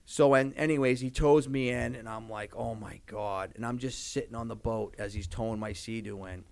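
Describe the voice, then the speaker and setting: A man in his thirties with a gravelly, fry-edged voice. He tells his stories casually and animatedly on a podcast, swearing freely and slipping into other people's voices. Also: lowish voice, fairly even intonation, normal speed. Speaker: podcast guest. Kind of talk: casual storytelling.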